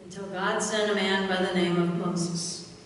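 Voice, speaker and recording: A woman's voice: on the low side, flat delivery, moderate pace, slight background noise. A woman pastor preaching a sermon, retelling a Bible story with quoted voices and rhetorical questions to the congregation. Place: church sanctuary. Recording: echoey church hall, mic far off.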